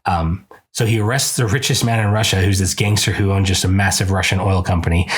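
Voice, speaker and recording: A man's voice: low-pitched, slightly rough. A man hosting a podcast, casually retelling a book in a rambling, chatty way with many fillers. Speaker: podcast host reviewing a book.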